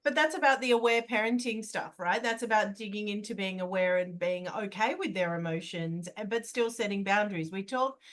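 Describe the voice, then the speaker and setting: Casting: older woman host, mid-range voice, lively and chatty. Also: medium pitch, a little fast, few pauses. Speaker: podcast host and coach. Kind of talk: podcast conversation.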